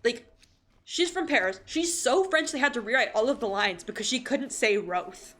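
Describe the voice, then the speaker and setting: A woman's voice: a little high, expressive, normal speed, fairly bright tone. A woman streaming a game and chatting casually, swearing freely and running off on tangents. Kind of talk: casual live-stream gaming chat.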